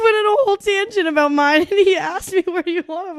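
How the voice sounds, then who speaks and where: Animated young woman telling stories, dry close mic. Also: high-pitched, fairly quick, few pauses, no room sound. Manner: animated storytelling, acts out quotes, laughs often. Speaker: podcast co-host. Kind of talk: casual chat.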